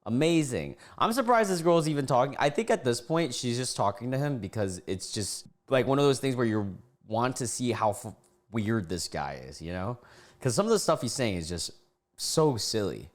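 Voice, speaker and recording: A man's voice: medium pitch, very animated, moderate pace. A man reacting to text screenshots at a desk mic, incredulous and often laughing, with casual swearing. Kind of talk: reaction commentary. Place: home room with a cat. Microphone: desk microphone.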